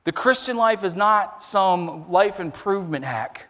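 Lively preaching man in a reverberant hall. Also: high voice, a little slow. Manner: animated preaching with emphatic rises. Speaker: pastor. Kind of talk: sermon.

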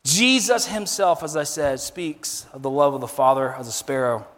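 Pastor, male, slightly high voice, preaching with big emphatic swings, church hall echo. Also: moderate pace. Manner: animated preaching with emphatic rises. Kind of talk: sermon.

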